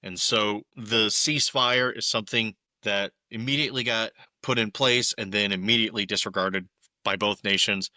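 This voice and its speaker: A man's voice: fairly low pitch, fairly even intonation, moderate pace, bright, forceful tone, no echo. A young man hosting a podcast alone, giving opinionated political commentary with emphatic, exasperated asides. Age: young adult. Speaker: podcast co-host.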